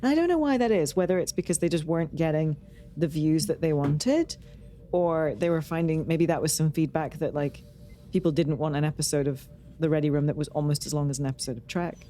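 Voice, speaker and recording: A woman's voice: low-pitched, brisk, warm tone, faint music behind. A woman co-hosting a podcast in casual chat, talking in a chatty, rambling way with lots of "like.". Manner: chatty, rambling, with many likes. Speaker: podcast co-host.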